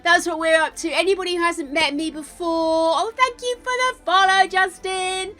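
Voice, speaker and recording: A woman's voice: very high-pitched, normal speed, bright, forceful tone, faint music behind. An older woman streaming a game, chatting casually and calling her viewers darlings and gorgeous ones. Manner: chatty, showers viewers with endearments. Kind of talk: casual live-stream chat.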